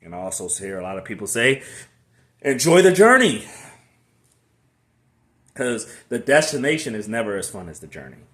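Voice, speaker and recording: A man giving a casual, preachy motivational faith talk to his channel in a relaxed conversational way with slangy asides. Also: lowish voice, quick pace, hardly any pauses. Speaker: faith vlogger. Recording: echoey room.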